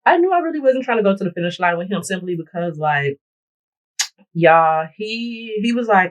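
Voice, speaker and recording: A woman's voice: mid-range voice, animated, normal speed, dull audio. A woman vlogger chatting bluntly and profanely through a storytime while she does her makeup and hair. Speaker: beauty vlogger. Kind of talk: get-ready-with-me storytime chat.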